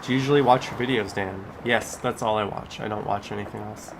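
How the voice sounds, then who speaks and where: A man's voice: on the low side, fairly even intonation, quick pace, creaky, noisy background. A man, live streaming from home, chatting casually and reading viewer messages aloud while snacking.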